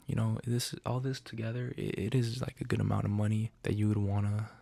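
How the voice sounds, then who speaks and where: A man's voice: fairly low pitch, completely flat delivery, fairly quick, gravelly, hardly any pauses, dark tone, no echo. A man hosting a casual gear demo in an untreated home room, rambling with self-deprecating, jokey asides, recorded close on a studio condenser mic. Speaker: channel host. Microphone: studio condenser mic through outboard chain.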